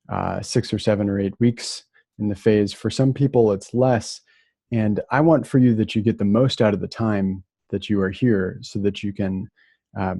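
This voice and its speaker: Low gravelly man giving a casual lecture. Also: dry recording. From Minnesota. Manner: relaxed, many fillers and restarts.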